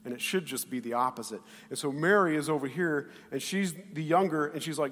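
A male pastor delivers a sermon in an animated, conversational way, jumping from loud bursts to quiet asides and acting out the quoted voices. His voice sits a little high for a man. The sound carries a long reverb, as in a church hall. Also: brisk, a little hiss or hum.

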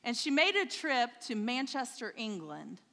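A woman's voice: a little high, very animated, measured pace, bright, forceful tone, big-room sound. A woman preaching a sermon in church, telling a story and checking in with the congregation. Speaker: pastor's wife preaching. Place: church sanctuary.

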